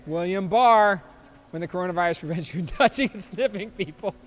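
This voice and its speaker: A man's voice: high voice, lively intonation, quick pace, long reverb tail. A man in his fifties hosting a podcast, reacting to memes in a loose, joking way and laughing often. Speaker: podcast host. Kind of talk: casual chat reacting to memes.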